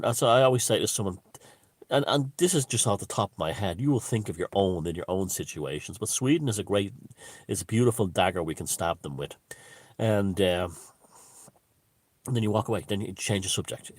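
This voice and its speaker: A man's voice: low-pitched, moderate pace, no room sound. A man hosting his own video channel, talking in a rambling, profane off-the-cuff monologue with frequent restarts.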